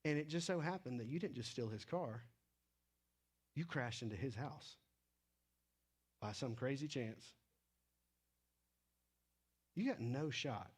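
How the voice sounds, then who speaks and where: A man preaching a sermon in a casual, animated way, slipping into quick acted asides. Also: medium pitch, slightly rough. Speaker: pastor.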